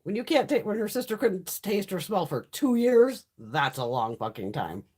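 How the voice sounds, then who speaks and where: Husky-voiced woman swearing through live chat. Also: mid-range voice, very animated, normal speed, a little mellow. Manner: profane, blunt storytelling, reads chat comments. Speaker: livestream host. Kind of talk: casual live-stream chat.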